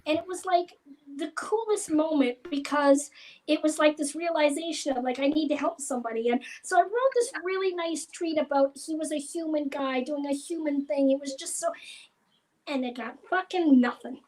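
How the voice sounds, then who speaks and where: A woman with a very high, childlike voice tells stories as a comedy panel guest. She is frank, a little profane and quick to mock herself. The voice sounds younger than she is. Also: darkish tone, rough recording. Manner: frank, profane, self-mocking.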